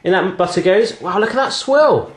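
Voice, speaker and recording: A man's voice: sits high, lively intonation, moderate pace, reverberant, slight background noise. A man hosting a casual cooking demonstration in his home kitchen, chatty and teasing as he cooks alongside a child. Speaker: cooking show host.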